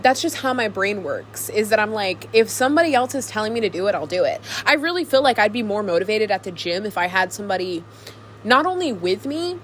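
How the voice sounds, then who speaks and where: A woman's voice: medium pitch, animated, fairly quick, fairly bright tone, slight background noise. A young woman vlogging to her camcorder alone, chatting casually in a rambling, giggly way. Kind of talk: casual chat to camera. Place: alone in a room.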